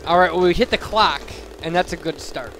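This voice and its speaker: A man's voice: sits high, fairly quick, fairly bright tone. A young man giving casual, rambling let's play commentary, chatty and self-deprecating with lots of fillers. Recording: game music playing behind.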